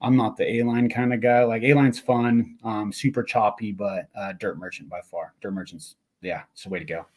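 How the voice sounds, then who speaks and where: A man who rides and coaches mountain biking, chatting casually as a podcast guest, excited and full of slang. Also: lowish voice, normal speed, hardly any pauses. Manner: excited, laid-back, lots of slang. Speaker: guest, mountain bike rider and clinic coach.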